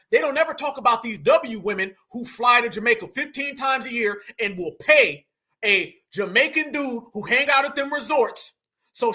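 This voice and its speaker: American male commentary host with a very high, piercingly bright voice; emphatic, repeats himself, calls his viewers fam. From United States. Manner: emphatic, repeats phrases, addresses the audience as fam. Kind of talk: casual reaction commentary.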